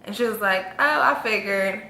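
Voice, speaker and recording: Young woman vlogging, super animated storytelling, bright sharp voice, roomy echo. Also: moderate pace, vocal fry. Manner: animated, acts out quotes with big pitch jumps. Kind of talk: casual storytelling. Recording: echoey room with faint ambience.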